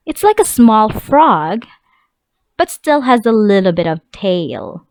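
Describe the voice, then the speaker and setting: A woman teacher giving an online class lesson, slowly and clearly repeating vocabulary words for young students. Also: mid-range voice, big pitch swings, a little mellow, dry recording, rough recording. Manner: slow, clear word-by-word drilling of vocabulary.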